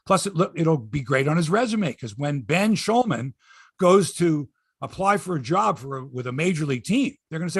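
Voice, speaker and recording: A man's voice: high voice, lively intonation, fairly quick, fairly bright tone, dry recording, studio quality. A middle-aged man hosting a sports podcast in casual chat, rambling, opinionated and joking. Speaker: podcast host.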